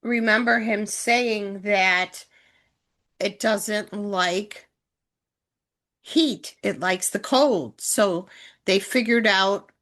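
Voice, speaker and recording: A woman's voice: medium pitch, drawn-out words, long pauses, fairly bright tone. A middle-aged woman co-hosting a casual podcast chat, retelling TV scenes in long run-on chains of "and". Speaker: podcast co-host, mother. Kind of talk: casual chat recapping a TV show.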